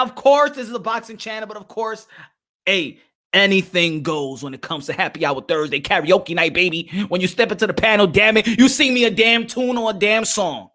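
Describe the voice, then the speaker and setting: This man's voice sits high and sounds pushed and bright as he hosts a casual livestream podcast. Animated, he repeats phrases and keeps addressing his chat.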